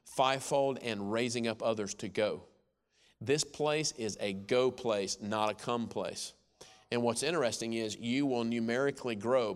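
A preacher in his forties with a drawl, delivering a sermon to a congregation. His voice sits at an ordinary middle pitch for a man. He pushes hard and loud on his points, then drops low and quiet to tell a story. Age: 40s. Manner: emphatic, swings between loud urgency and hushed storytelling.

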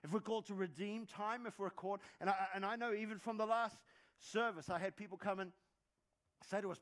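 Male pastor, fairly high voice, conversational sermon delivery with stacked repeats for emphasis. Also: steady tone, fairly bright tone. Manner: conversational preaching with quick asides and dad jokes; repeats words when building emphasis.

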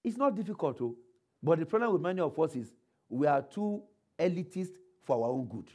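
A male preacher delivering a sermon, quoting scripture, asking the congregation rhetorical questions and calling for responses, slowing and speeding for emphasis. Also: a little high, big pitch swings. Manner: varies pace and loudness for emphasis.

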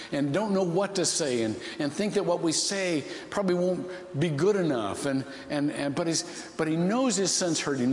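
A man's voice: fairly high pitch, roomy sound, in a large hall, slight background noise. A man from Ohio preaching a sermon, telling a story with many restarts and rising emotional swells. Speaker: pastor.

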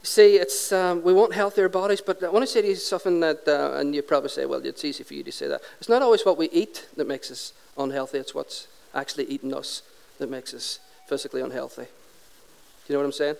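A man's voice: fairly high pitch, fairly even intonation, brisk, creaky, a little mellow, smooth. A middle-aged man, preaching a humorous, conversational sermon and asking the congregation questions.

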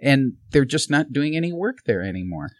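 A man's voice: mid-range voice, brisk, dry recording, clean studio sound. A man talking as a podcast guest, telling stories and acting out the voices in them. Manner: lively storyteller who acts out quotes. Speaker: guest, former political candidate. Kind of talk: animated podcast conversation.

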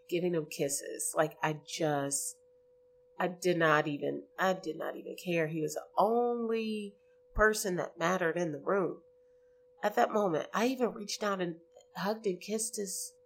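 A woman's voice: fairly low pitch, vocal fry, slight background noise. A woman hosting a podcast alone, talking to her listeners in a chatty, earnest way with many "like" and "um" fillers. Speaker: podcast host. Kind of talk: casual solo podcast monologue.

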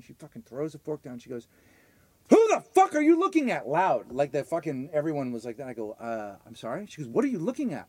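Fast-talking high-voiced male podcast host. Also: darkish tone, no room sound. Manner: rapid storytelling, profane, repetitive restarts. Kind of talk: casual comedic chat.

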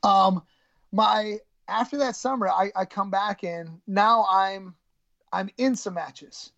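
Gravelly man telling his story haltingly. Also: sits high, fairly bright tone, no room sound, muffled recording. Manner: halting, many restarts and throat clearing. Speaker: guest, former college wrestler. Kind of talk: candid conversational storytelling.

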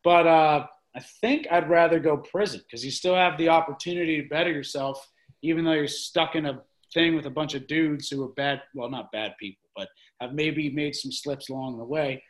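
A man with a fairly high voice talks in a loose, rambling way as a podcast guest. He is frank and throws in the odd curse word while he chats over drinks. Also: steady tone, normal speed, rough recording. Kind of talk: casual chat.

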